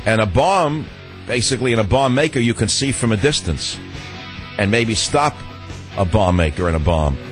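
A man hosting a talk radio show, delivering an indignant, combative monologue with sudden leaps in pitch. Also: expressive, normal speed, soft background music.

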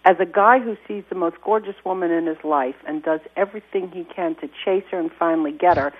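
Brief: earnest female caller, husky voice, tinny phone line. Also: fairly low pitch, a little fast. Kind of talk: call-in conversation.

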